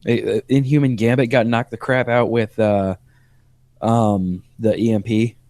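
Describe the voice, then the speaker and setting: A man's voice: on the low side, fairly even intonation, a little slow, darkish tone, no room sound. A man co-hosting a podcast, chatting casually about TV episodes and earnestly explaining plot details. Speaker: podcast co-host. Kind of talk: casual TV recap chat.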